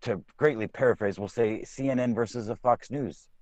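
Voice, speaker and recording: A man's voice: medium pitch, normal speed, a little mellow, no room sound, highs cut off. A man co-hosting a casual political podcast, blunt and profane, often restarting his sentences. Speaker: podcast co-host.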